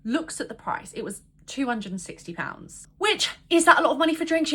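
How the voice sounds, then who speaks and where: A woman recounting a terrible date straight to camera, exasperated and swearing freely. Her voice is fairly high and swings widely in pitch as she gets worked up. The delivery is casual, animated storytime chat. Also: brisk. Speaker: vlogger.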